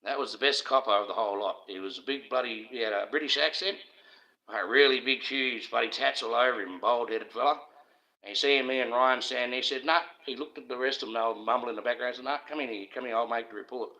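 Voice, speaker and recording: Talking fast and forcefully in a bright, mid-range voice, a middle-aged Australian livestream host addresses his viewers directly. He rambles in an aggrieved, conspiratorial way, and the recording has the highs cut off.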